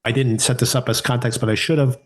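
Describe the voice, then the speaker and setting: A man's voice: mid-range voice, flat delivery, quick pace. Male podcast co-host, easygoing mid-range voice, conversational reviewer who muses and questions as he goes. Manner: conversational, thinking aloud with restarts and rhetorical questions. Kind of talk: casual TV review chat.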